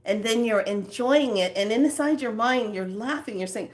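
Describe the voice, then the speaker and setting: A woman giving a spiritual motivational talk to her viewers, slipping between soft whispered phrases and lively acted asides. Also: a little high, normal speed, hardly any pauses. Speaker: spiritual self-help speaker.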